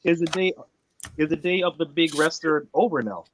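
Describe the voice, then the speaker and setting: A man's voice: on the high side, moderate pace, a little hiss or hum, low-quality recording. A man co-hosting a podcast, chatting casually and making his point with emphatic rhetorical questions. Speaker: podcast co-host. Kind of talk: casual chat.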